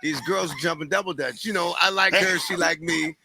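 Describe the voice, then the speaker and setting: A man, a comedian guest, telling stand-up stories with sudden shouted punchlines and quick drops to a mutter. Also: a little high, fairly even intonation, heavy background noise. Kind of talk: animated storytelling.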